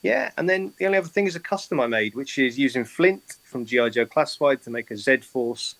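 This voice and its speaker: A man's voice: medium pitch, lively intonation, brisk, vocal fry, a bit bright, no room sound. Easygoing man with a dry, close sound. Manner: easygoing, agreeable, lots of yeahs. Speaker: guest on a livestream. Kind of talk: casual chat.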